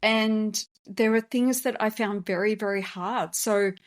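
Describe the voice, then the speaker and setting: A woman's voice: mid-range voice, steady tone, measured pace. Candid woman telling her story. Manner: candid, emotional, conversational. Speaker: podcast host and business founder. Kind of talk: personal storytelling podcast.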